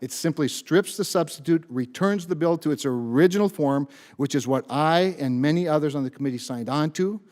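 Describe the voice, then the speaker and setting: A man's voice: a little high, a little fast, hardly any pauses, a little mellow. A man speaking as a senator at a committee meeting, delivering floor remarks with emphatic stress on key words.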